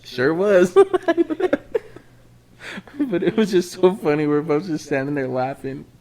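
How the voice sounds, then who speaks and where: A man's voice: a little high, lively intonation, a little slow, mellow. A man co-hosting a casual podcast chat, who laughs often and swears freely. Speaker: podcast co-host.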